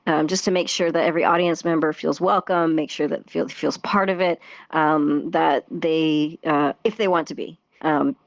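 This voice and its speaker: A woman's voice: sits low, fairly even intonation, moderate pace, creaky, no echo. Chatty woman, slightly muffled dry voice. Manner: chatty, laughs often, many fillers and restarts. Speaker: podcast guest, theatre performer and dance teacher. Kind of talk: casual podcast interview. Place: virtual reality social world voice chat.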